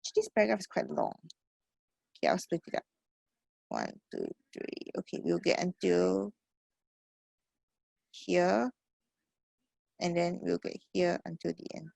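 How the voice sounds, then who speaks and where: A woman's voice: fairly low pitch, moderate pace, creaky, pauses often, darkish tone, dry recording. A woman with a Singaporean accent teaching an online English class on a computer mic. She encourages her students, calls them sweetheart, and keeps checking in with "okay" and "right?".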